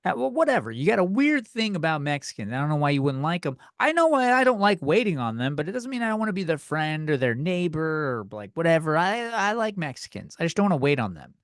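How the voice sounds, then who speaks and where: Man, comedy podcast host, exasperated profane rant, lively swinging pitch, dry close sound. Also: quick pace, hardly any pauses, no echo. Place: video podcast recording. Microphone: studio microphone.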